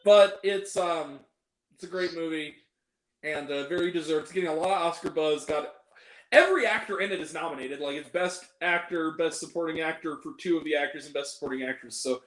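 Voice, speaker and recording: High-voiced chatty man reviewing films. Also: a little fast, fairly bright tone, reverberant, poor audio. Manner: chatty, laughs often, jokey asides. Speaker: host. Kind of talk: casual film review chat.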